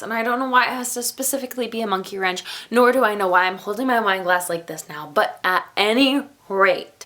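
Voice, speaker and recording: Chatty, bright woman reviewing a book. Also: mid-range voice. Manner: chatty, rambling, jokey asides with quoted voices. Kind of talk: casual book review vlog.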